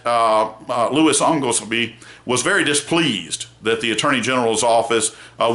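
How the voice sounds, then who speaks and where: A man's voice: medium pitch, pushed and bright. A man delivering opinionated political commentary, rambling, with restarts and asides, and turning heated and emphatic at times. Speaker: political commentator and blog founder.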